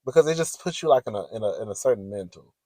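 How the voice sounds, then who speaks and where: A man's voice: fairly low pitch, lively intonation, rapid-fire, dark tone, dry recording. Sassy chatty man spilling gossip. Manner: chatty, sassy, giggly, says "girl" a lot. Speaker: vlogger. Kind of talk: casual gossip chat.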